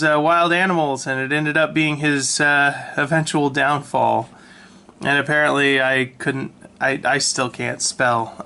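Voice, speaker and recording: A man casually talking through his old sketchbook, relaxed and self-mocking, with lots of ums and restarts, recorded on a handheld camera. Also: fairly high pitch, clean tone. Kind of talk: casual rambling commentary. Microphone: handheld camera mic.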